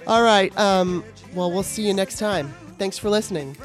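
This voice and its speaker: A woman hosting a casual podcast rants in an exasperated, profane way, retelling a customer service saga with quoted dialogue. Her voice sits in the mid-range at a moderate pace, with faint music behind her.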